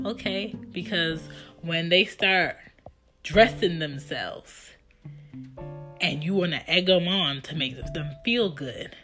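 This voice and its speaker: A woman in her thirties casually telling stories about her children in an animated, chatty way. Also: deep voice, slow, long pauses. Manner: animated, chatty, acts out her kids' lines. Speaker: mother telling family stories. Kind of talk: casual storytelling. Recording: guitar music playing behind the voice.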